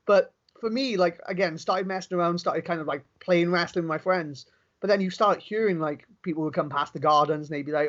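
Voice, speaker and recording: A young Welsh man with a fairly high, steady voice is an interview guest, a pro wrestler, chatting casually. He tells stories quickly and eagerly, restarting his sentences often. The recording is dull and lo-fi.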